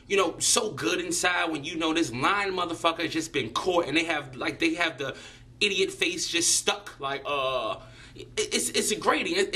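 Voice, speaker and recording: A man's voice: high-pitched, pushed and bright. A man delivering a profane, sarcastic comedic rant to camera, mocking people and sometimes putting on voices. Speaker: vlogger.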